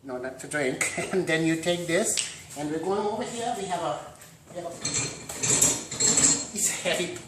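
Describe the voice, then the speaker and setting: A man hosting a mock home cooking demonstration, rambling through deadpan puns and dad jokes. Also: on the high side, moderate pace, long pauses, background noise. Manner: deadpan punning, dad jokes, trailing asides. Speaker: host of a joke home cooking show. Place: home kitchen. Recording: echoey kitchen with clattering pots and cutlery.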